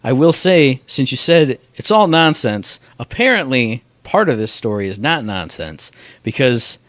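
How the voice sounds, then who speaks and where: A man co-hosting a casual podcast, joking and mocking people in squeaky put-on voices. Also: sing-song, measured pace, fairly bright tone, no echo. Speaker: podcast co-host. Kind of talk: casual chat.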